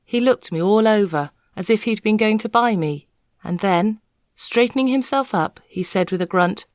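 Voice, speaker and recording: A woman reading a children's novel aloud, an expressive, measured storyteller. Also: medium pitch, no room sound, clean studio sound. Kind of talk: expressive read-aloud narration.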